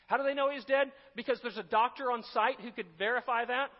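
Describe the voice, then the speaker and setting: Man preaching in a conversational style, high voice, long reverb. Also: fast talker, highs cut off. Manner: conversational, with asides and restarts. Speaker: pastor. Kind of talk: sermon.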